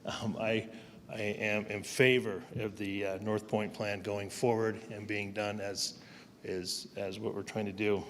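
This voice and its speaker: A man with a fairly low voice speaking in a large council chamber, where his words trail into a long reverb over a faint background hum. He sounds hesitant and a little nervous, stumbling and losing his place as he makes his public comment. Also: little pitch movement, measured pace. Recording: long hall reverb with faint room ambience.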